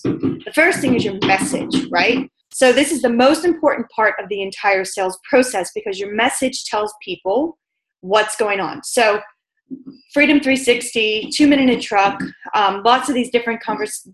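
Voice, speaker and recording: Woman, sales coach, brisk, emphatic, mid-pitched voice, roomy echo. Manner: brisk, emphatic, repeats points. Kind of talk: business training talk.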